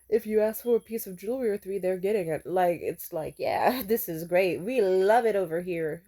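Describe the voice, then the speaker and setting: A young woman tells unfiltered, foul-mouthed stories in her vlog, her medium-pitched voice carrying a dark tone. She mocks people by voicing their words in exaggerated impressions.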